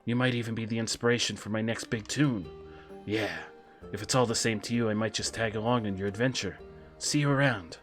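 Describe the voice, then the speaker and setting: A man's voice: fairly low pitch, steady tone, a little fast, a bit bright, soft background music, lightly acted. A man doing a chatty Australian bard. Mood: chummy. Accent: put-on Australian. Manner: friendly, folksy storytelling. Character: chatty wandering male bard seeking song material.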